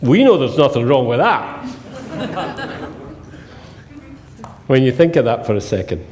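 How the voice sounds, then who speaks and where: Animated older man telling jokes. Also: mid-range voice, measured pace. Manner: jokey storyteller who acts out dialogue. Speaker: seminar presenter. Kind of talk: humorous seminar talk to a live audience.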